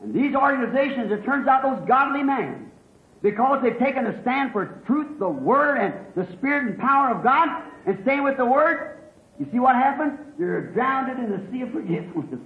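Fiery high-voiced preacher, echoey old recording. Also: male voice, lively intonation, normal speed, phone-quality sound. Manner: swings from hushed to shouting, fervent. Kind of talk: fiery revival sermon.

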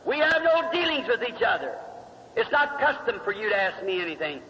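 A man voicing a young Samaritan woman at a well, answering in a halting, protesting way, on a muffled recording in a reverberant hall. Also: sits high, very animated, bright, forceful tone, slight background noise, pitched below the performer's own voice, full character voice. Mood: wary.

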